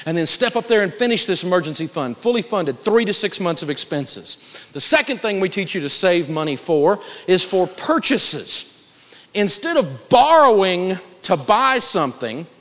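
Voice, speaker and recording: A man's voice: sits high, fairly bright tone. A man teaching personal finance to a live audience, emphatic, humorous and folksy as he tells stories. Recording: reverberant lecture hall.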